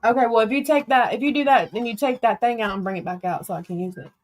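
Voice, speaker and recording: Southern woman, livestream host, profane and chatty, fairly high voice. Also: fast talker. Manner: profane, chatty, reads out text messages. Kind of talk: casual livestream storytelling.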